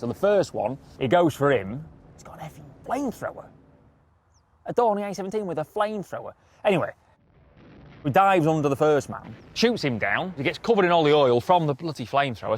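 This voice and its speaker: A man presenting a documentary, telling stories in a lively way, swearing freely and laughing often. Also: medium pitch. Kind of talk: lively storytelling to camera.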